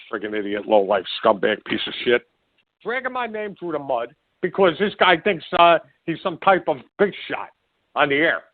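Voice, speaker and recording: A man rants on his podcast, voice at an ordinary pitch, fuming and firing off insults while tripping over his own words. The sound is thin and phone-like, and the room is dry and close. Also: no echo. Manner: furious, insulting, rambling with restarts. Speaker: podcast host. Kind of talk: angry ranting monologue.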